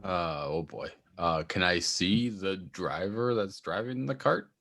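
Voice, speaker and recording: A man's voice: sits low, animated, unhurried, gravelly, fairly bright tone, faint music behind. A man playing a tabletop game, asking hesitant questions of the game master. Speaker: player. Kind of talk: casual tabletop game talk.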